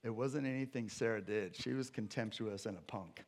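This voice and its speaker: A male pastor preaching a sermon with animated storytelling, acting out scripture characters. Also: fairly low pitch, normal speed, hardly any pauses.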